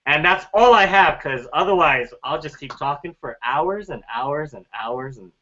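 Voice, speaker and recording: A man's voice: on the high side, expressive, normal speed, bright, forceful tone. Earnest man giving a motivational talk. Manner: earnest, repetitive, rhetorical questions. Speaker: mastermind group member. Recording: dull lo-fi sound.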